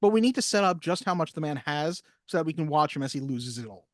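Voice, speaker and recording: A man co-hosting a casual film podcast, talking at length and acting out movie lines with lively emphasis. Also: a little high, fast, no room sound, clean studio sound. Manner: animated, acts out movie lines. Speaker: podcast co-host.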